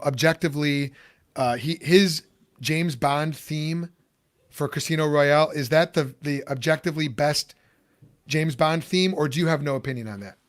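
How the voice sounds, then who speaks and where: A man from Chicago hosting a podcast, chatty and rambling, with many fillers and restarts. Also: fairly high pitch. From Chicago, USA. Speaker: podcast host. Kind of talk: casual podcast interview.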